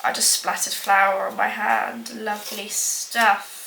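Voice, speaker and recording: A woman's voice: medium pitch, level tone, slow, gravelly, bright, forceful tone, slight background noise. A young woman chatting casually while baking in her kitchen, rambling and self-mocking, with plenty of filler words. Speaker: baking vlogger. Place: home kitchen. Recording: echoey kitchen with clattering dishes.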